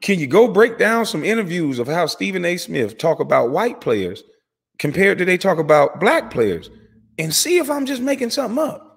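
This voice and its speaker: A gravelly, slightly rough, sing-song male voice echoes through a large hall as he hosts his channel. He delivers a heated, profane commentary rant, his pitch and volume lurching from one moment to the next.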